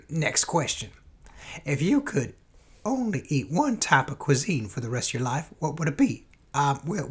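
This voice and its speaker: A man playing a folksy Southern man with a Southern US accent, who answers silly interview questions in a rambling, goofy way with a husky voice. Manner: rambling, goofy, sudden jumps in pitch. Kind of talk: comedic mock interview.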